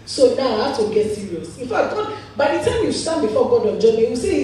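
A woman pastor with a Nigerian accent preaching a sermon, telling stories with animated laughter. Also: high-pitched, normal speed, slight background noise. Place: church hall. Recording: echoey hall, voice from far off.

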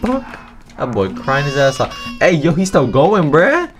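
Guy yelling and joking over a game, cursing nonstop, voice jumping all over. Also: a little high, wildly swooping pitch, moderate pace, music in the background. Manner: rowdy, profane trash talk with slang. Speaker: gaming YouTuber. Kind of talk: casual gameplay commentary.

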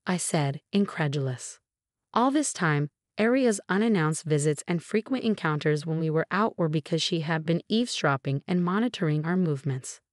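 A woman narrating a personal story in a scripted, steady way. Her voice sits on the low side for a woman. The recording is close and dry. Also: normal speed, dry recording.

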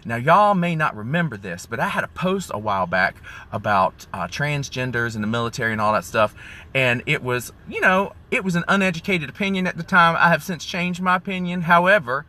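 A man's voice: a little high, lively intonation, brisk, bright, forceful tone. A man chatting sassily to viewers on a phone live stream from his car. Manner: chatty, sassy, calls viewers y'all and honey. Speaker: vlogger doing a live stream. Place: in a car in the rain.

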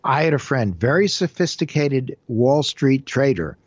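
A man's voice: medium pitch, a little slow, husky, no room sound, muffled recording. A man being interviewed as an identity-theft expert, telling stories and acting out the voices of scammers and their victims. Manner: animated storyteller, acts out scammer and victim quotes. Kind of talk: interview answers.

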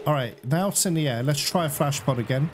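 A man's voice: a little high, fast talker, noisy background. A man giving live gameplay commentary as a channel host, often exclaiming and swearing in frustration. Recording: loud game music behind. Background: loud game music.

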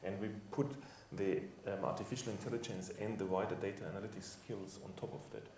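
A man with a very low voice explains his points on a conference panel in a measured way, pausing on hesitant fillers. He is heard from a distance in an echoing hall, with faint ambience underneath. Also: fairly even intonation, a little mellow, slight background noise. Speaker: reinsurance executive panelist. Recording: roomy panel hall from far off.

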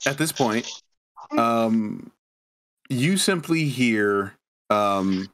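A man narrating as game master for a tabletop game, pausing often with hesitant ums. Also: on the low side, fairly bright tone.

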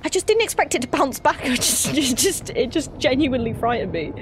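A woman streaming a horror game, chatting excitably with her viewers and swearing freely. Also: high voice, a little fast, background noise.

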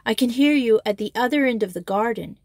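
A woman's voice: fairly high pitch, brisk, a little mellow, no echo, clean studio sound. A woman playing a strict, dismayed schoolmistress. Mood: scolding. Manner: scolding, dismayed. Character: shocked, strict young schoolmistress.

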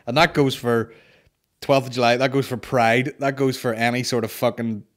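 A man's voice: mid-range voice, fairly even intonation, normal speed. A Northern Irish man hosting a comedy podcast, chatting casually, swearing a lot and slipping into mocking impressions. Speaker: podcast host.

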